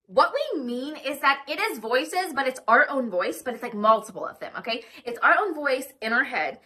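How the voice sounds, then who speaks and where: Bright-voiced chatty woman explaining. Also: high voice, very animated, normal speed, few pauses. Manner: rambling, emphatic, chatty. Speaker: social media video creator. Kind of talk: casual explainer monologue.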